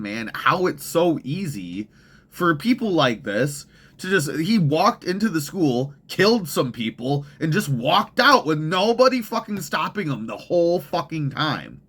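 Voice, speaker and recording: A man's voice: mid-range voice, a bit bright. A young man hosting a podcast, ranting in heated, profane, rambling commentary full of restarts. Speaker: podcast host.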